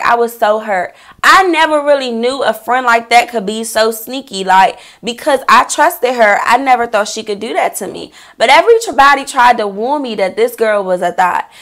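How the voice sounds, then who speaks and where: High-voiced, animated woman telling a storytime. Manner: animated, profane, talks straight to viewers as "girl"; bursts into laughter mid-story. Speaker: vlogger telling a personal story. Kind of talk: casual storytime vlog.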